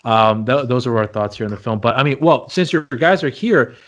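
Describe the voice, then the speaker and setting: A man's voice: medium pitch, expressive, fairly quick. A man co-hosting a casual movie review chat, rambling and repeating himself as he talks. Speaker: podcast co-host.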